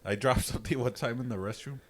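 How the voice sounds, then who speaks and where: Podcast guy, mid pitch, gets loud n cusses a lot. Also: fast talker. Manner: loud, excitable, profane. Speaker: podcast co-host. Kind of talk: casual chat.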